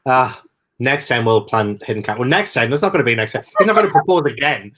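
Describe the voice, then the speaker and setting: A man's voice: mid-range voice, expressive, fast talker, fairly bright tone. A man hosting a book chat stream, gushing effusively and laughing a lot. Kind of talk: casual chat.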